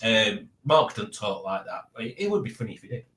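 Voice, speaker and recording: Jokey man, lively pitch. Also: a little fast, few pauses, echoey room. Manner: rambling, jokey, reads viewer comments aloud. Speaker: live-stream quiz host. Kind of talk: casual chat.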